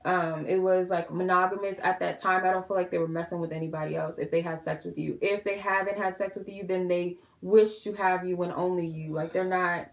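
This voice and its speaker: A woman's voice: on the low side, steady tone, fairly quick, gravelly, hardly any pauses. A woman doing a casual tarot reading, chatting frankly and loosely straight to her viewers. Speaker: tarot reader.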